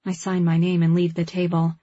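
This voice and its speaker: A woman reads a first-person novel aloud in a measured, heartfelt way. Her voice is husky and lowish. The recording is dry and slightly dull. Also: monotone, warm tone, no room sound. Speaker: audiobook narrator. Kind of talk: first-person scripted narration.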